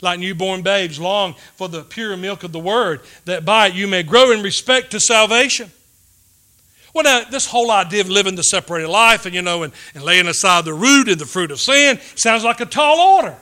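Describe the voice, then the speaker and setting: Bright, high-pitched preacher. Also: male voice, moderate pace. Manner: dynamic, swings from loud emphasis to hushed asides. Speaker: pastor. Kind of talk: sermon.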